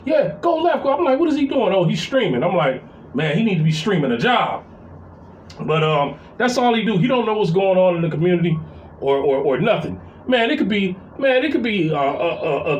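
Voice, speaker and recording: High-voiced man venting, cursing freely. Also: dull audio. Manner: profane, heated storytelling. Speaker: vlogger. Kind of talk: casual venting monologue.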